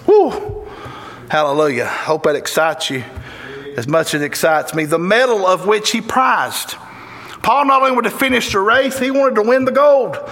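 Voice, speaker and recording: A man's voice: sits high, normal speed, a bit bright. A man with a Southern Tennessee accent preaching a sermon in a church, fervent and folksy with bursts of exclamation. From Tennessee, USA. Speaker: guest preacher. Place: church sanctuary. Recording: echoey church hall reverb.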